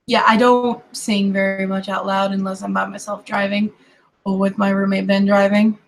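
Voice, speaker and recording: A woman's voice: medium pitch, vocal fry, poor audio. A woman streaming while she draws, talking in a casual, rambling way with apologetic, self-deprecating asides that often trail off into murmurs. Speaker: digital artist streaming her drawing. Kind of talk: casual commentary while drawing.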